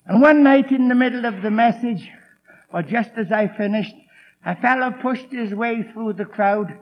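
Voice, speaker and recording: A man with a very high voice preaches to a congregation, driving his points home with emphatic force. He tells stories from the pulpit and acts out the people in them. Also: moderate pace, muffled recording. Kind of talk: evangelistic sermon with storytelling.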